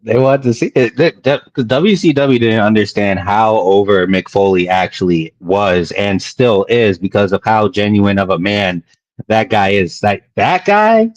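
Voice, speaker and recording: Low-voiced man telling wrestling stories. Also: lively intonation, unhurried, no echo. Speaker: guest wrestler. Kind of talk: casual interview chat. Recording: dull low-fi audio.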